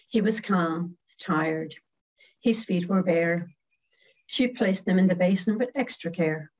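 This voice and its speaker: A middle-aged woman reading her own poem slowly and carefully, then chatting casually as a guest. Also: on the low side, darkish tone, rough recording. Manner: slow, measured recitation.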